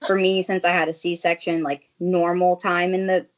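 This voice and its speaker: A woman's voice: lowish voice, flat delivery, moderate pace. A young woman, a guest on a casual chat show, telling a personal story in a chatty way full of "like"s. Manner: chatty, filler-heavy storytelling with many "like"s. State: briefly tearful. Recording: dull lo-fi sound.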